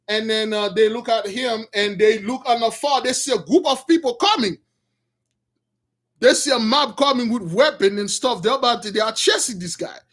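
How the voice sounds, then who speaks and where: A man with a very high voice and retells an old story to his viewers. He talks in animated bursts that often rise into shouts, then backs up to restart his sentences. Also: normal speed. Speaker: religious storyteller.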